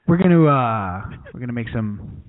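A man's voice: animated, normal speed, no room sound, close to an everyday voice. Man putting on a mumbling bland cooking-show chef, hesitant, dry phone-like sound. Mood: deadpan. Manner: hesitant, mumbling, low-key. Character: bland, timid male TV chef who avoids flavor.

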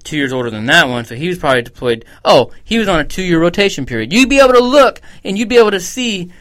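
A man's voice: high voice, expressive, fast talker, fairly bright tone. A man co-hosting a podcast, telling stories in a blunt, profane, casual way. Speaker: podcast co-host.

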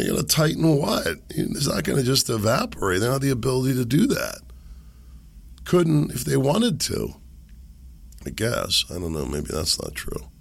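A man hosting a podcast while sick and losing his voice. He rambles and makes sarcastic, muttered asides into a desk boom mic. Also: gravelly, a bit bright, slightly rough. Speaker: podcast host. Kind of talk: casual commentary monologue. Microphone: boom microphone on a desk.

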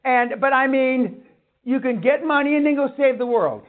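A man's voice: very high voice, moderate pace. A man giving a blunt, profane motivational lecture at a seminar, swearing and ranting. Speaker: seminar speaker on radio. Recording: tinny phone-like line.

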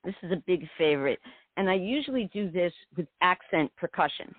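A woman's voice: lowish voice, animated, brisk, husky, no echo. A woman poet being interviewed on the radio, speaking in a meandering, reflective way. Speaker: poet guest. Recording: tinny phone line.

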